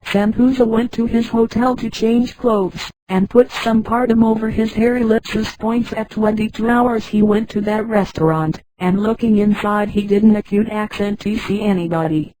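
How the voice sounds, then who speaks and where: A synthetic woman's voice narrating a story, which reads punctuation names out loud. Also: medium pitch, steady tone, moderate pace, few pauses, no room sound, rough recording.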